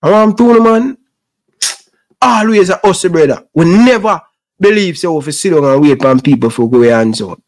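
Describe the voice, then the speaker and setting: Brief: middle-aged Jamaican man, high-pitched, impassioned Patois rant, sports vlog host. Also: lively intonation, normal speed. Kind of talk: casual rant to camera.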